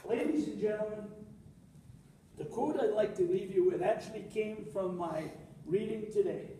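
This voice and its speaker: A man's voice: high voice, normal speed, warm tone, a little hiss or hum. An older man giving a humorous contest speech, telling a story with acted-out quotes. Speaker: contest speaker. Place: large hall with an audience. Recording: echoey hall, speaker far from mic.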